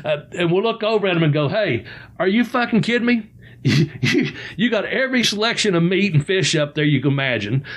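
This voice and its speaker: A man with a slightly raised pitch tells road stories from his wrestling days. He talks in a loose, animated and profane way, full of casual chat. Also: fairly quick. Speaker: former pro wrestler as guest.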